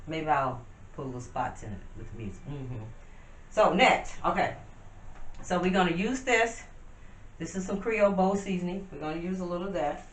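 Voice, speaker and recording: A woman talks her viewers through a pot of soup, calling them y'all as she works at the stove. Her voice sits at a middle pitch and comes from some way off the camera mic. The kitchen sounds roomy, with plenty of background noise. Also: expressive, moderate pace. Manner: chatty, addresses viewers as y'all, talks while working. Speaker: vlogger cooking at home. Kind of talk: casual cooking demonstration. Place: home kitchen. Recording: roomy, distant, noisy home video.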